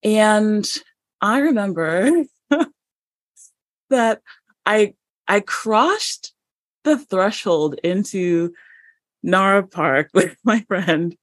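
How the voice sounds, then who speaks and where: A woman guest on a podcast, telling a story in an animated, chatty way with many fillers and laughs. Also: medium pitch, drawn-out words, pauses often, dry recording, clean studio sound. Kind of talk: conversational storytelling.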